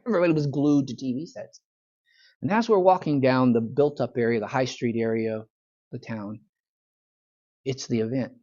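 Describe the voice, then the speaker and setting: A man's voice: medium pitch, moderate pace, pauses often, a little mellow. A man, a pastor teaching a church Bible study in a folksy, conversational storytelling manner. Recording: dull lo-fi church recording.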